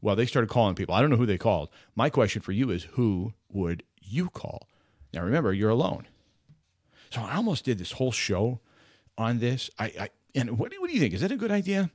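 Animated, rambling male radio host. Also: medium pitch, a little fast, no room sound, studio quality. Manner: animated, rambling, self-mocking. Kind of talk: casual radio talk. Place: radio studio. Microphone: studio mic.

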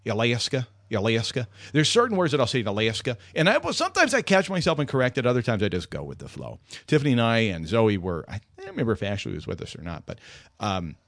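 Male radio host, casual rambling chat, very animated pitch, dry studio mic. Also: fast talker, vocal fry, dry recording. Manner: animated, rambling, self-mocking.

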